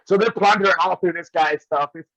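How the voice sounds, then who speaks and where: This man's voice is high, a little fast and fairly bright, captured without echo but with a dull, lo-fi sound. As a wrestling guest, he casually recounts old road stories and keeps breaking into laughter.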